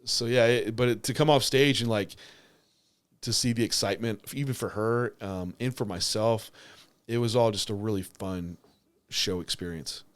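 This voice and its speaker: Low-voiced young man chatting casually. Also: normal speed, clear, resonant tone. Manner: rambling, lots of filler words and restarts. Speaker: bodybuilder and podcast co-host. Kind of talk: casual podcast chat.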